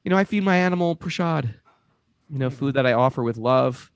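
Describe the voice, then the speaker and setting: A man's voice: medium pitch, brisk, clear, resonant tone, no echo. A man telling a spiritual story in casual chat, acting out the voices of the people in it. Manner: animated, acts out voices in his stories. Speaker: co-host.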